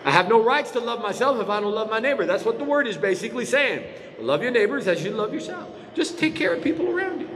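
High, lively preacher in a reverberant hall. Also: male voice, fast. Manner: emphatic preaching with frequent rhetorical questions to the congregation. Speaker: pastor. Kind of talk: sermon. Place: church sanctuary.

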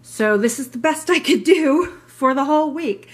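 A woman's voice: sits high, expressive, normal speed. Chatty gushing woman vlogger. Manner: chatty and gushing, rambling asides. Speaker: haul vlogger. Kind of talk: casual show-and-tell vlog.

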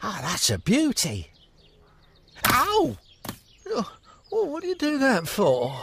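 A man's voice: very high-pitched, huge pitch swings, slow, gravelly, heavy background noise, heavily acted. A man voicing a clumsy, cheerful male apple farmer in a cartoon who laughs a lot and stammers when flustered. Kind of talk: cartoon voice acting. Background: loud background music.

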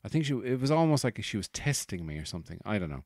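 Irish comic host, low voice, dry close sound, rambling and swearing. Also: male voice, sing-song, fast talker, a little mellow, no room sound. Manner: rambling, swearing, exasperated asides. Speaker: comedian and podcast host. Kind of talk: casual rambling monologue.

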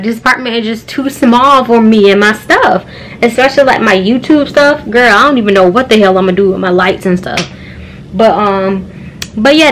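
In a medium-pitched, fairly bright voice, a young woman vlogs in a chatty, candid way. Swearing freely, she addresses her viewers as "girl" and "y'all."

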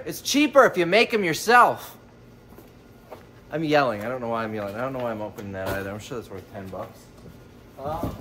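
A man's voice: fairly high pitch, background noise. A man giving casual, joking commentary while unboxing items for resale, thinking aloud as he goes. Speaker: reseller vlogger.

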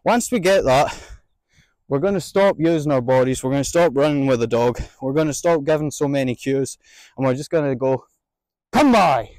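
A man training a sheepdog outdoors, explaining each step and calling out drawn-out commands to his dog between explanations. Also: medium pitch, a little mellow, no room sound. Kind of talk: outdoor instructional demonstration.

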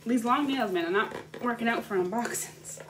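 A woman's voice: fairly high pitch, normal speed, noisy background. Gushing young woman unboxing gifts. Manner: gushing, excitable, chatty. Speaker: vlogger. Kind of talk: casual unboxing chat. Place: indoors at home, sitting on the floor.

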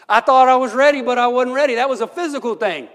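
A middle-aged man preaches in a church, his fairly high voice ringing with a long hall reverb. He tells homely stories and often stops to ask his listeners "right?", laughing along as he talks. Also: normal speed. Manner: folksy storytelling, laughs often, asks "right?". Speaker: pastor. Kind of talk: sermon. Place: church sanctuary.

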